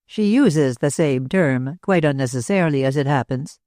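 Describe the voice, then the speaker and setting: A man voicing a puzzled, touchy young gentleman who asks clipped, wary questions. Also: fairly high pitch, normal speed, no echo, studio quality, close to an everyday voice.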